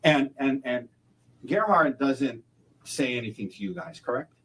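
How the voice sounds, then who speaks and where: A man as a defense attorney cross-examining a witness in court, halting and repeating words, closing each point with a leading question. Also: medium pitch, animated, fairly bright tone, husky, poor audio.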